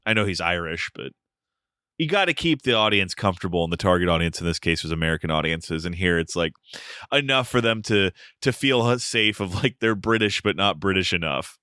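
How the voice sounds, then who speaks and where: A man's voice: low voice, bright, forceful tone, clean tone, dry recording, studio quality. A man co-hosting a podcast, recapping a film plot in a wry, joking way. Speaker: podcast co-host. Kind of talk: casual film discussion.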